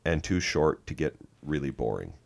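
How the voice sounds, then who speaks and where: Man, extremely deep voice, podcast co-host, casual chat, sarcastic, laughing. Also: very animated, normal speed, creaky, breathy edge. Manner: dry, sarcastic, laughs often.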